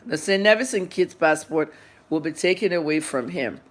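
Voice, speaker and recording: A woman's voice: low-pitched, expressive, normal speed. A journalist in her fifties giving a livestreamed news update, blunt and scolding her viewers while she eats and talks. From Nigeria. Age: 50s.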